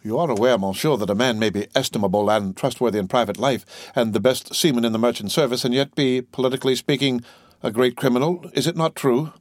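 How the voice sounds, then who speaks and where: A man's voice: mid-range voice, fast talker, dry recording, natural voice. A man doing a cold proud young magistrate. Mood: disdainful. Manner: stern, formal, disdainful.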